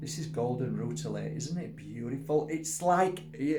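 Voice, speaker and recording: A man showing off his crystals in a casual video, gushing with exclamations and squealing up high in delight. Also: animated, moderate pace, noisy background. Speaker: crystal seller and workshop host. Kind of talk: casual show-and-tell video.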